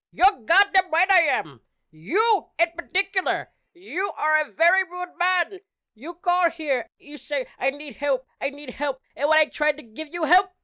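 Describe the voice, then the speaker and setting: A man performing an enraged tech support agent with a put-on Indian accent, voice pitched well above a usual male range. He rants and insults without stopping, bitter and indignant. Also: bright, forceful tone, heavily acted. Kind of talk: comedic impression skit.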